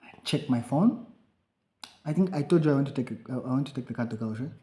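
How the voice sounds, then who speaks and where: Here a young man with a mid-range voice talks fast while co-hosting a podcast. He relays a story in a relaxed chat, animatedly voicing his own quotes and those of others, all in an echoey room.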